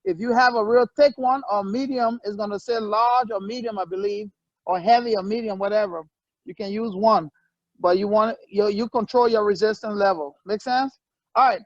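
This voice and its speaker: Male fitness coach, very high voice, energetic short commands; muffled lo-fi, dry sound. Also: moderate pace, no room sound. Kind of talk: leading a workout session.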